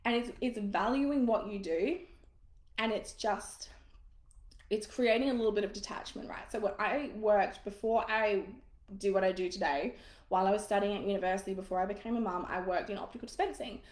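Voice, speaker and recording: A woman's voice: mid-range voice, brisk, darkish tone. Echoey woman business coach. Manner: casual, frank and encouraging, swears now and then. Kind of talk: live online masterclass.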